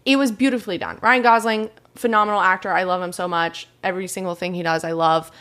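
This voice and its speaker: A young woman co-hosting a podcast in casual chat, animated and teasing. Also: fairly low pitch, fast talker. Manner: animated, teasing, talks over her co-host. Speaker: podcast co-host.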